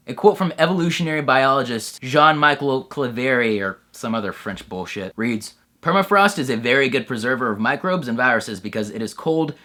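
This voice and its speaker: A young man with a bright, forward voice hosts a satirical comedy bit. He delivers mock-serious narration in a flat, dry tone, then breaks into crude, shouty bro outbursts. His humor is sarcastic and profane throughout. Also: mid-range voice. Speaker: comedy sketch host.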